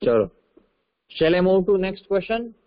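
A man's voice: high-pitched, very animated. Indian man teaching over a muffled call. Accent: Indian English. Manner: repeats questions, dictates slowly, coaxing. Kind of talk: online English class. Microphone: video call.

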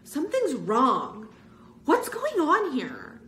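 A jumpy, hesitant young boy, voiced by a woman reading aloud, raised in pitch and uneasy in tone. The reading has a roomy echo. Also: expressive, unhurried, fairly bright tone, slight background noise. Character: nervous, thoughtful young boy.

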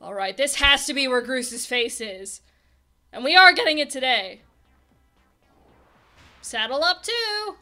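A young woman giving casual, excitable game commentary and chatting to the characters on screen. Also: high voice, a little slow, long pauses, soft background music. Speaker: let's play host.

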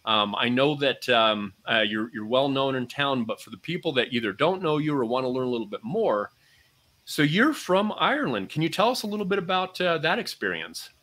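Bright-voiced enthusiastic interview host. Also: male voice, medium pitch, big pitch swings, a little fast. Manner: enthusiastic, frequent "uh" fillers. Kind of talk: interview hosting.

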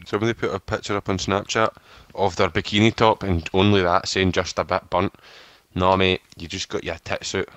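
A man's voice: low voice, flat delivery, a little fast, no echo. A young man, swearing and mocking his friends in casual gaming chat. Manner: swearing, mocking banter, loud outbursts. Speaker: gamer.

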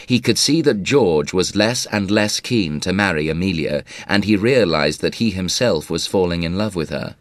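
A man narrating a classic novel as a measured audiobook reading. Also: low-pitched, no echo. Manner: measured, even storytelling.

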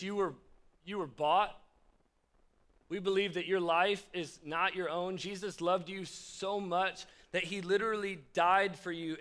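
A young youth pastor with a high, somewhat bright voice delivers a casual sermon. He's chatty and full of jokes, speaking straight to the crowd.

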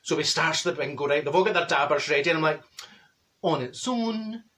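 A man's voice: on the high side, lively intonation, brisk, a bit bright. A man playing a chatty, straight-talking woman from Glasgow with a Glaswegian Scottish accent, telling a comic story in a gossipy, bossy way and acting out other people's voices. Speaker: comedy character. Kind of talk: comedy character monologue.

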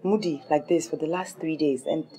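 An actress with a Nigerian accent playing a caring friend who asks soft, concerned questions. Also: female voice, low-pitched, moderate pace, a little hiss or hum, lightly acted. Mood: worried.

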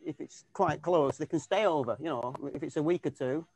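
A man's voice: on the high side, a little fast, a little mellow. A man, a tribute band keyboardist, chatting in an interview over a video call. He rambles and restarts often, with plenty of fillers. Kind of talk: casual interview chat.

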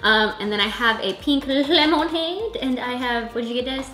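A woman's voice: high voice, normal speed, bright, forceful tone. A woman hosting a casual eating vlog, chatty and rambling, laughing often. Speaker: vlogger host. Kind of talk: casual chat while eating. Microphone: camera filmed by a friend. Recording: echoey room with faint music.

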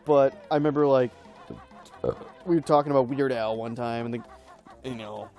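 A man's voice: medium pitch, normal speed, warm tone, faint music behind. A young man casually commenting while playing a video game, rambling and laughing through stories with lots of fillers. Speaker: let's play host.

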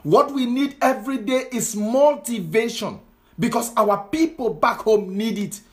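Scolding his audience through repeated rhetorical questions, this political commentator gives a fervent social media monologue in a Cameroonian Pidgin English accent. His voice is very high-pitched and a little slow.

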